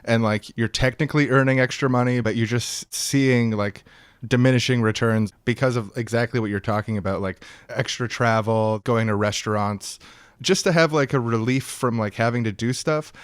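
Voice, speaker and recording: A man's voice: medium pitch, moderate pace, clean tone, no echo, clean studio sound. A man hosting a podcast, ranting earnestly and with opinions in casual chat. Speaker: podcast host.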